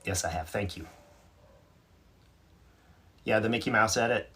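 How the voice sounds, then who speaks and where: This North Carolina man hosts a casual livestream, reading viewer comments aloud and replying in a chatty, self-mocking way. His voice is lowish and a little slow, pushed and bright with a breathy edge.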